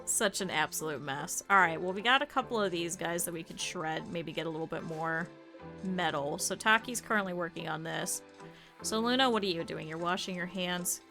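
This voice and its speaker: A woman's voice: on the low side, lively intonation, normal speed, sharp tone, faint music behind. A woman streamer giving live gameplay commentary, chatty, laughing often and talking to her game characters and chat.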